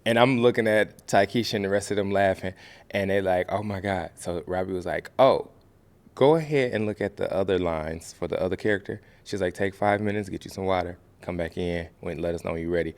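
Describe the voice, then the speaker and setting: Low-voiced man telling a story. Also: a little fast. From American Midwest. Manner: animated, acts out quoted voices. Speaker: podcast guest, actor. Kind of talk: casual storytelling.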